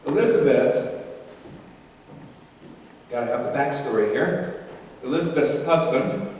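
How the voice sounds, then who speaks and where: A man's voice: medium pitch, unhurried, far from the mic, background noise. A male pastor giving a conversational, humorous sermon in a church, heard from afar in an echoey hall.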